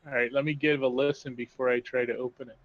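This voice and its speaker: A man's voice: medium pitch, level tone, fast, dry recording. A man playing a tabletop game, describing his character's moves in a playful, joking way. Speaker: player. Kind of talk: casual tabletop game play. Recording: muffled lo-fi audio.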